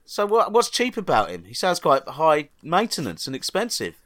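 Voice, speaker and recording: A man's voice: a little high, huge pitch swings, moderate pace, fairly bright tone. A man co-hosting a podcast, joking sardonically and swearing in casual banter. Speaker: podcast co-host.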